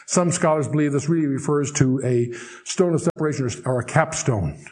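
A man's voice: fairly high pitch, a little mellow. Wry man teaching scripture. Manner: reads scripture slowly and solemnly, then explains in a chatty, wry aside. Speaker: Bible teacher. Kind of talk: verse-by-verse Bible teaching.

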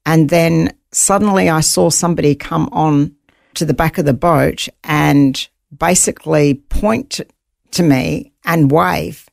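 A woman's voice: deep voice, fairly even intonation, slow, vocal fry, darkish tone, no echo, studio quality. A woman guest on an interview show, vividly retelling her own survival story. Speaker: guest, author.

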